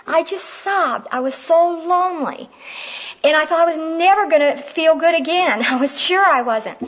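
A woman's voice: very high-pitched, moderate pace, highs cut off. A middle-aged woman teaching on prayer in a conversational, heartfelt way, telling personal stories.

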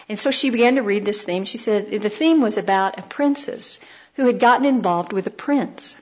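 A woman's voice: mid-range voice, normal speed, dull audio. A woman giving a sermon on biblical communication, telling anecdotes with dry humor and acting out the quotes. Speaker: Christian speaker. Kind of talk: storytelling sermon.

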